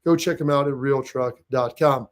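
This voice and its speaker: Upbeat sports talk show host. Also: male voice, moderate pace. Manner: upbeat, chatty sponsor pitches. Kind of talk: casual sports talk and ad reads.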